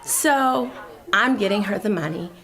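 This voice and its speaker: A woman's voice: mid-range voice, lively intonation, measured pace, fairly bright tone. A woman in her thirties hosting a talk show, telling a confessional story to a studio audience in a chatty way. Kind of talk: comedic monologue to a studio audience.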